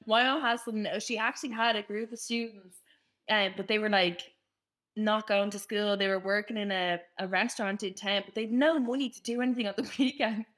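A young woman co-hosting a podcast, telling lively stories in casual chat and laughing a lot. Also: mid-range voice, a little fast. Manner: animated storyteller, laughs a lot. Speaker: podcast co-host.

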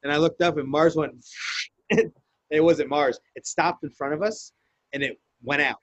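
A man with a fairly high voice tells a long story in a casual podcast, swearing often and acting out every quoted line. The sound is dry and close, but the audio is dull and lo-fi. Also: a little slow, no room sound. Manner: profane, animated storyteller who acts out quotes.

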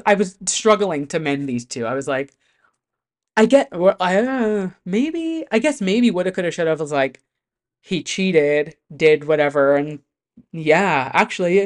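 A host chatting casually to camera about pop music, talking in an animated way with lots of fillers and some swearing. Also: medium pitch, fairly quick.

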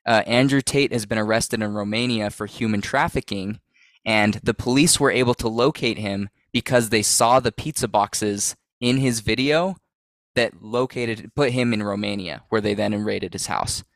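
A man's voice: on the low side, normal speed, gravelly, a bit bright, dry recording. A man co-hosting a podcast in casual chat, joking and sarcastic as he leads the segments. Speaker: podcast co-host.

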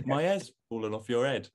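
A man with a Cockney accent co-hosting a podcast in casual comedic chat, mock-polite and laughing a lot. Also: medium pitch. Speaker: podcast co-host.

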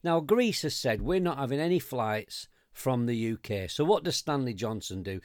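A man's voice: medium pitch, lively intonation, normal speed, hardly any pauses, darkish tone, no echo, studio quality. An English man co-hosting a podcast, ranting in casual chat, swearing and stumbling over restarts while mocking the people he quotes. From England. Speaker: podcast co-host.

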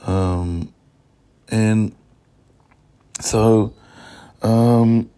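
A man in a profane, rambling monologue that jumps between topics and swings between loud outbursts and low mutters. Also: fairly even intonation, very slow.

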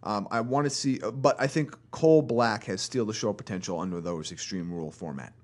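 A man's voice: on the low side, fairly quick. A man co-hosting a podcast in casual chat, bantering and conversational. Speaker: podcast co-host.

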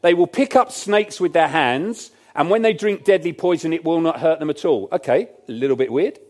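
A man's voice: a little high, normal speed, a little mellow. A man preaching a sermon in a church, conversational and emphatic, with jokey asides to the congregation.

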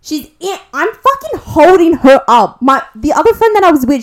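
At a moderate pace and in a high voice, a young Australian woman co-hosting a podcast tells a gossip story. She's animated, curses nonstop, and acts out all the quotes.

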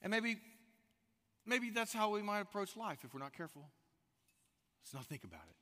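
A man preaching a sermon, telling stories with animated energy and asking the congregation direct questions. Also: sits high, normal speed. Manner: animated storytelling, rising to loud outbursts. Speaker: pastor. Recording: echoey hall reverb.

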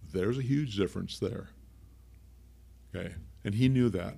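Low creaky-voiced man preaching. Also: unhurried, pauses often, dark tone. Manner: conversational, explains word meanings with asides. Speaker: pastor. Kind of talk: sermon.

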